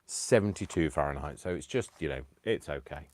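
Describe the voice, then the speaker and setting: A man's voice: a bass voice, expressive, brisk, a little mellow, a little hiss or hum. A man hosting a craft live stream from home, chatting casually with self-mocking, rambling asides. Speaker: craft channel host. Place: home, indoors.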